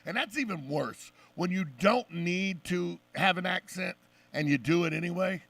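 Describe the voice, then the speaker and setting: High, gravelly opinionated radio host. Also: male voice, normal speed, recorded from a distance. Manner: opinionated, animated storyteller. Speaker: radio talk show host. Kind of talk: casual radio chat.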